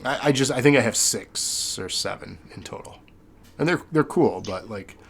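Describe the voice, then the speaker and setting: A man's voice: mid-range voice, lively intonation, moderate pace, gravelly, slightly rough. A man hosting a podcast, chatting casually in a rambling, sentimental way with many fillers. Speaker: podcast host.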